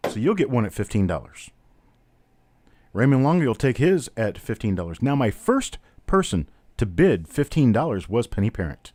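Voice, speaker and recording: A man's voice: medium pitch, darkish tone, no echo. A man hosting a live-stream coin auction, chatty, calling out bidders and prices one after another. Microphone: webcam on a stand.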